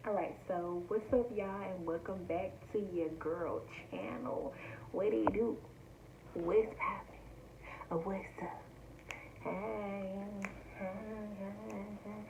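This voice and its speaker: A young woman chatting excitedly and directly to her viewers in a casual unboxing vlog. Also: medium pitch, slow, lo-fi sound, noisy background. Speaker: vlogger. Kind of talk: casual unboxing chat to camera.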